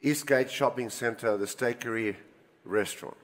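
An older man preaching a sermon, telling personal stories and swinging between loud emphasis and quiet asides. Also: mid-range voice, moderate pace. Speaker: pastor. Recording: reverberant hall.

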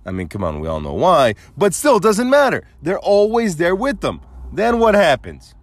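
A man's voice: high-pitched, moderate pace, dry recording. A man hosting a podcast, rambling through a crude, joking monologue. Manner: rambling, crude, animated storytelling. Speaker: podcast host. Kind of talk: casual monologue.

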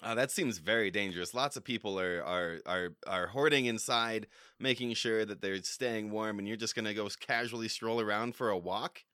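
A man's voice: on the low side, normal speed, hardly any pauses, sharp tone, clean tone, no echo, clean studio sound. A man hosting a comedy podcast, playful and rambling, often breaking into laughter. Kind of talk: casual comedy podcast chat.

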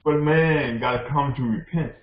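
A man's voice: mid-range voice, normal speed. A man preaching a sermon as a bishop, impassioned and repetitive, often calling out to the congregation. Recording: echoey dull lo-fi room recording.

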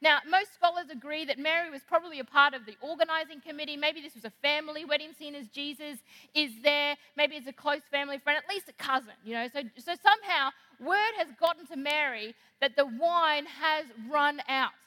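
A woman preaching a sermon in an animated, conversational way. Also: sits high, brisk. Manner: animated, conversational, acts out quoted lines. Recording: long hall reverb.

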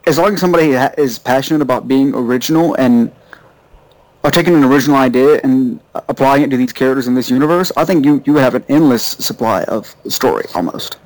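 A man co-hosting a podcast, chatting in a relaxed, thoughtful way. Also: medium pitch, fast talker, no echo, low-quality recording. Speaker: podcast co-host. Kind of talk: casual chat.

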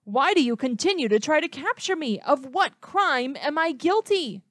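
Woman reading as a humble young soldier in a storybook, higher voice, dry sound. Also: lively intonation, normal speed, dry recording. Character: humble young warrior answering his king.

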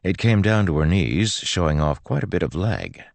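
A man reading a novel aloud in an extremely deep voice full of vocal fry, his delivery measured and even. The recording is dry and close, with no room sound around it. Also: no room sound. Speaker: audiobook narrator. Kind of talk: audiobook narration.

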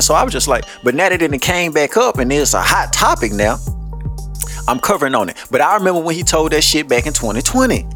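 A man's voice: a little high, a bit bright. A man hosting a podcast, ranting blunt, profane commentary and laughing often. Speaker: podcast host.

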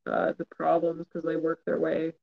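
Higher-voiced man in hesitant casual chat. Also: monotone, moderate pace, vocal fry, phone-quality sound. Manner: hesitant, trailing off with fillers and laughs.

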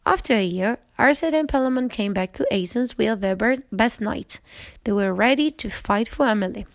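A woman's voice: on the high side, normal speed, no echo. A woman narrating a storybook reading carefully, with small slips and restarts.

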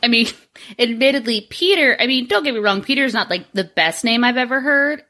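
A woman's voice: on the high side, animated, a little fast, sharp tone. A woman co-hosting a podcast, joking irreverently and swearing freely in casual chat. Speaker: podcast co-host.

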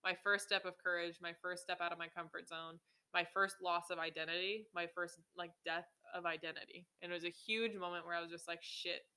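A woman's voice: on the low side, steady tone, brisk, bright, forceful tone, clean tone. A woman in her twenties telling her own story on a podcast, casual and full of swearing and filler words. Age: 20s. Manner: casual, swears often, many ums and likes. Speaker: podcast host.

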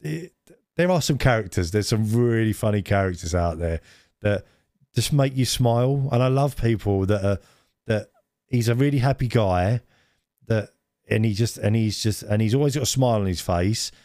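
A man with a fairly low voice chats casually on a podcast, wandering through his stories with frequent laughter. The sound is close and dry. He talks in a relaxed, meandering way. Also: normal speed, dry recording. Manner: rambling storyteller who laughs often. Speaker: podcast co-host.

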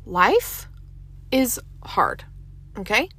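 A young woman hosting a casual solo podcast, chatty and animated, veering into fired-up rants. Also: mid-range voice, drawn-out words, husky. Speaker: podcast host.

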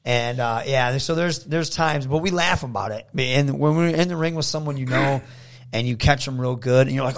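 A man from Michigan talking as a guest on an interview show, telling casual stories in an animated way. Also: mid-range voice, normal speed. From Saginaw, Michigan, USA. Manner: animated, acts out quotes in a raised voice. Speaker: guest, professional wrestler.

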